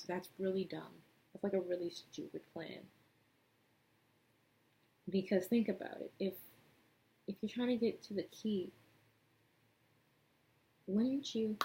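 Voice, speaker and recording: A woman's voice: medium pitch, steady tone, takes it slowly, vocal fry, long pauses, muffled recording. A young woman vlogger chatting casually as she retells a movie plot and does her makeup, rambling with lots of fillers. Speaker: beauty vlogger.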